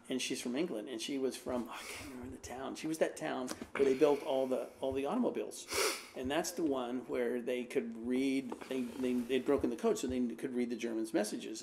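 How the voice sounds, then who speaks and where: A man's voice: mid-range voice, fairly quick, gravelly, a little mellow, a little hiss or hum. A man, an American pastor, telling a rambling personal anecdote in a casual way, with lots of fillers. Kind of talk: casual storytelling.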